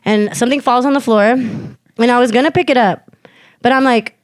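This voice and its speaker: Young woman, podcast co-host, loose sweary storyteller, high-ish voice, dry close recording. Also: moderate pace, no room sound. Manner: loose, filler-heavy, swears freely, acts out quotes loudly. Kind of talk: casual storytelling chat.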